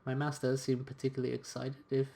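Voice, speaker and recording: A man reading a video game's narrative aloud between casual asides. His voice is mid-pitched and easygoing, with a relaxed reading manner. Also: quick pace, creaky. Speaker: gamer reading a story game aloud. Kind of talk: casual let's-play commentary and reading aloud.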